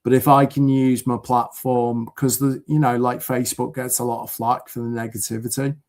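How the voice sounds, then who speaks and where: A man's voice: medium pitch, flat delivery, normal speed, a little mellow. A man from the UK, a podcast guest, talking in an earnest, rambling way with many fillers over a video call. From United Kingdom. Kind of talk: casual chat.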